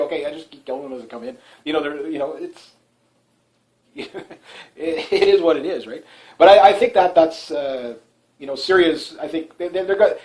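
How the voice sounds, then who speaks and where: A man's voice: on the high side, a little mellow, rough recording. A man from Canada hosting a talk show, delivering a casual political commentary monologue that rambles, with many fillers and restarts and frequent chuckles.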